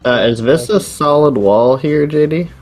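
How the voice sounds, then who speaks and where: A man's voice: fairly high pitch, normal speed, darkish tone, faint music behind. A man playing a tabletop game, chatting in a laid-back, plain-spoken way. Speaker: player. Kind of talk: casual chat at a game table.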